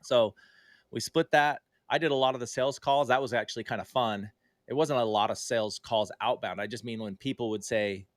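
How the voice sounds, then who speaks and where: Dry-voiced man telling an animated story. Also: on the low side, fairly quick, dry recording. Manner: animated storyteller, acting out quoted dialogue in livelier tones; conversational, with frequent fillers and self-corrections. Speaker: podcast guest. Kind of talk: casual storytelling in a podcast interview.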